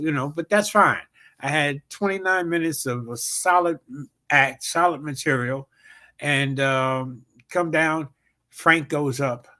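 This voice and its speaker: A middle-aged man, a comedian and show host, telling a joke and a backstage story in casual, animated talk. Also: medium pitch.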